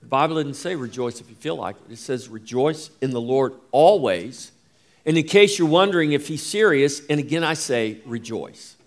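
A man preaching a sermon as pastor, slow and emphatic, rising and falling as he drives each point home. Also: mid-range voice, expressive.

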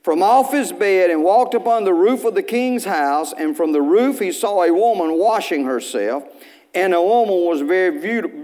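A male pastor, preaching a sermon in church in a folksy storytelling way, with bursts of loud preaching. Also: high voice.

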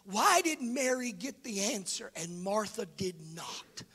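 A man preaching a sermon, swinging from hushed, whispered lines to loud, sing-song shouting, calling out to members of the congregation. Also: sits high, very animated, a little slow, husky. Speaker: pastor.

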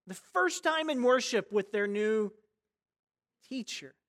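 A pastor delivering a sermon in a chatty, storytelling manner. The voice leans on rhetorical questions and swings from quiet, hushed lines to loud, dramatic ones. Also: medium pitch, expressive, takes it slowly.

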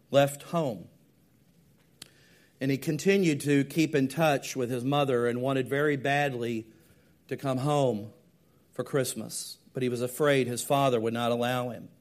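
A man preaching a sermon, telling a story and moving from hushed, slow lines to loud, emphatic ones. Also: mid-range voice. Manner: dynamic, swings from hushed to emphatic.

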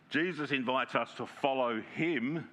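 A man preaching a sermon in a conversational way, often checking in with the congregation and reading scripture aloud slowly with emphasis. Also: medium pitch, sharp tone. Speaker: pastor.

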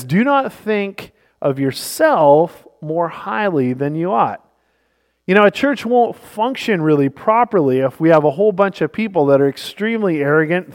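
A male pastor preaching a sermon in a church, earnest and emphatic, telling stories to make his point. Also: a little high. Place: church sanctuary. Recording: long reverb of a church hall.

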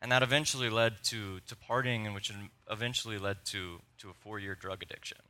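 Bright-voiced young man preaching. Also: fairly low pitch, brisk. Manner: storytelling, animated and conversational, with laughs. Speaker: pastor. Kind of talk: sermon with personal stories.

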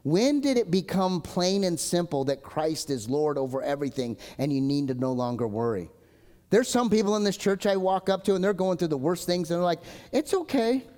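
A man preaches a live sermon with a slightly high voice, earnest and emphatic. He swings from forceful declarations to hushed asides. A long church-hall reverb trails behind every phrase. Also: brisk. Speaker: pastor.

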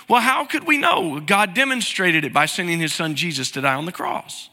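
A man's voice: high-pitched, animated, moderate pace, hardly any pauses, pushed and bright. A middle-aged man preaching a conversational sermon from a church sanctuary, asking the congregation to repeat after him. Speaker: pastor. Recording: hall reverb.

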